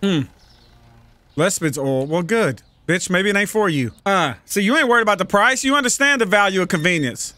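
A man's voice: high voice, animated, moderate pace, pushed and bright. A man giving casual, profane let's-play commentary, joking and bantering with the shoppers in a store game. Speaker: gaming channel host.

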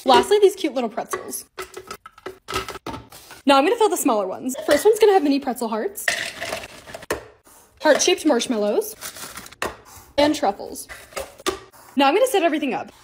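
A woman's voice: sits high, sing-song, normal speed, pauses often, noisy background. A young woman narrating her lifestyle vlog in a casual, bubbly, gushing way. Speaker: lifestyle vlogger.

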